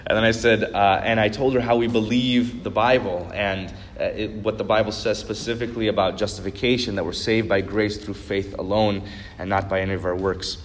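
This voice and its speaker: A man's voice: fairly low pitch, fairly even intonation, brisk, a little hiss or hum. A man preaching a sermon as a pastor, telling a story earnestly and building to emphatic repeated points. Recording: long reverb of a large hall.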